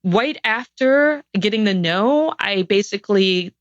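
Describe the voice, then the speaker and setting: A woman's voice: mid-range voice, animated, measured pace, no room sound. Podcast guest: woman, mid-range voice, earnest reflective storyteller, slightly muffled and dry. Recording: dull, dry sound.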